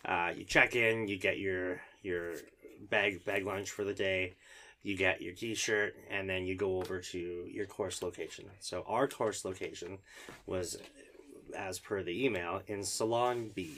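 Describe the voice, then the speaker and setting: A man, a fire captain, telling a story in casual podcast chat, animated and peppered with "like," acting out the dialogue. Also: low voice, a little slow, slight background noise. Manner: animated, acts out dialogue, lots of "like".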